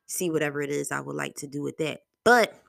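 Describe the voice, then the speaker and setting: A young woman hosts her own podcast in a blunt, profane, lively storytelling style. Her voice sits fairly low and has a gravelly fry. The sound is dry and close to the mic, with no room echo. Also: quick pace. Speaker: podcast host. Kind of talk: solo podcast talk.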